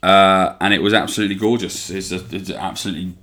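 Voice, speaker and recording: A young man with a notably low voice hosts his podcast alone in easygoing chat, putting on a playful West Country twang. He is enthusiastic and loose, swears freely, repeats phrases and keeps calling his listeners his lovelies. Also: fairly even intonation, quick pace, a bit bright. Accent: playful put-on West Country twang. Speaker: podcast host. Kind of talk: casual solo chat.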